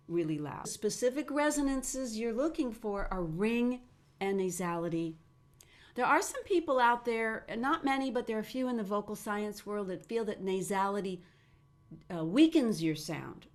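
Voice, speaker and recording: Woman, middle-aged, voice teacher running a webinar. Animated delivery with frequent demos. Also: medium pitch, a little slow. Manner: animated, demonstrates sounds with her own voice.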